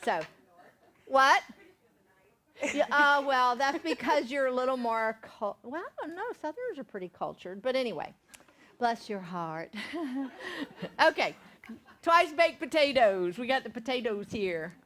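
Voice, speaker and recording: A woman's voice: high voice, expressive, unhurried, fairly bright tone. A middle-aged woman from Georgia with a Southern accent, chatting folksily while demonstrating recipes in a cooking class. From Savannah, Georgia, USA. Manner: chatty, folksy, checks in with "okay?".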